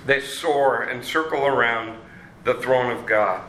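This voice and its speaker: A man preaching a sermon, slow and halting with many fillers and restarts. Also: mid-range voice, pushed and bright, roomy sound, a little hiss or hum, rough recording. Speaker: pastor.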